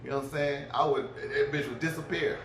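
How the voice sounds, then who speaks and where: A man's voice: medium pitch, steady tone, fairly quick, fairly bright tone, slight background noise. A middle-aged man telling a crude, rambling story, laughing as he goes. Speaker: vlogger. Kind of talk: profane storytelling rant. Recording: roomy, distant mic.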